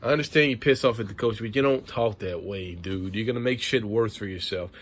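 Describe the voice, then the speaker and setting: A man's voice: on the low side, fairly quick. Man ranting about his basketball team. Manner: frustrated, profane, repetitive ranting. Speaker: sports vlogger. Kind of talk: ranting sports commentary.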